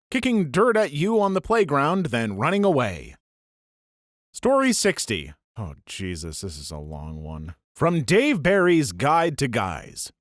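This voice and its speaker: A young man reads a comic story aloud with wry timing. His fairly high voice moves animatedly up and down. The recording is dry and close. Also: no room sound. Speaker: story channel narrator. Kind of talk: comedic story reading.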